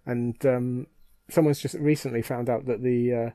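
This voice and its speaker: Mellow-voiced man chatting playfully. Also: medium pitch, fairly even intonation, moderate pace, dry recording. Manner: playful, jokey asides, laughs often. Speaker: podcast co-host. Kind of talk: casual chat.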